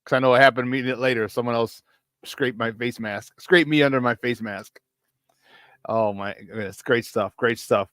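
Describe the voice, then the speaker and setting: At normal speed and medium pitch, a man hosts a sports talk show in a clean, echo-free studio recording. The former player chats casually about football with lots of energy, frequent laughs, locker-room stories, and hype calls of "baby."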